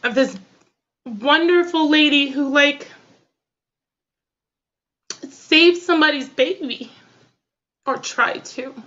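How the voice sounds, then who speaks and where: A woman's voice: high voice, takes it slowly, pauses often, sharp tone, muffled recording. A woman hosting a political talk show, impassioned and tearful, speaking in casual slang. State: crying. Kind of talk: emotional political commentary.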